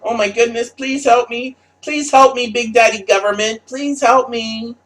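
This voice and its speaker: A man's voice: very high-pitched, fairly even intonation, a little slow, a bit bright, pitched above the performer's own voice. A man putting on the voice of a simpering woman who talks in a mocking baby voice and plays the victim. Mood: pleading.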